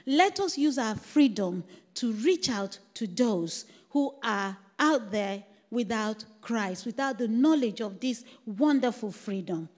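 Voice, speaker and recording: A woman's voice: on the high side, animated, takes it slowly, a little mellow. An older woman giving a church testimony, telling a story and laughing often. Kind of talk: testimony sermon. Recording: echoey church hall.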